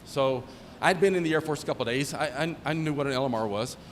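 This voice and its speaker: A man's voice: medium pitch, fast. A middle-aged man, a former squadron commander, giving a joking anecdotal speech at a retirement ceremony and acting out the dialogue in his stories. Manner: joking storyteller who acts out dialogue. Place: ceremony hall. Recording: long hall reverb, faint ambient noise.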